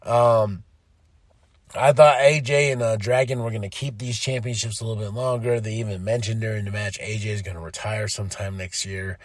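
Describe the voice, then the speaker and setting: An animated man with a fairly low voice, talking straight into a close mic in a dry, dead room. He chats casually and excitably, cursing and laughing as he goes. His delivery swings between loud bursts and muttered asides. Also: brisk, no echo. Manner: excitable, animated, swears, laughs, mimics people. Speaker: podcast host. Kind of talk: casual solo recap.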